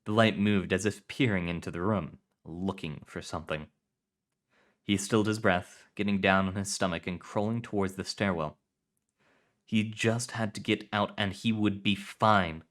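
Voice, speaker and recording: A man with a low, deep voice reading short stories aloud. His narration is calm and measured, with a low-key, unhurried delivery. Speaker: story reader. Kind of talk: scripted fiction narration.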